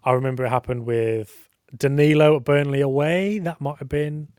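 A man's voice: mid-range voice, normal speed, a little mellow, clean tone, dry recording, studio quality. A man chatting casually on a podcast, rambling and self-deprecating. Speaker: podcast co-host. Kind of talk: casual chat.

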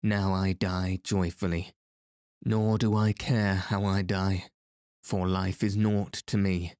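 A man's voice: deep voice, little pitch movement, slow, darkish tone, dry recording, studio quality. A man voicing a loyal male outlaw who speaks defiantly and mournfully. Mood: defiant grief.

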